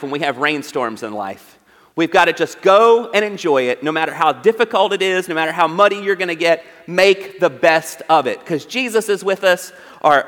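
A man preaching in a church, speaking in a fairly high voice. He chats his sermon, jumps up in pitch when he acts out quoted lines, then goes soft and earnest. The big room gives his voice a long reverb tail. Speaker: pastor. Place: church sanctuary.

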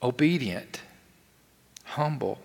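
A man's voice: mid-range voice, lively intonation, slow, gravelly, a little mellow, breathy edge. A man preaching a sermon in a conversational way, asking rhetorical questions and repeating key phrases for emphasis. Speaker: pastor. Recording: long hall reverb.

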